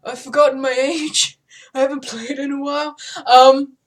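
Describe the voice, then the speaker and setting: A woman's voice: high voice, little pitch movement, normal speed, voice pushed up, natural voice. A woman doing a bubbly happy sports bro. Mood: cheery. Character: cheerful sporty boy, pure and sweet.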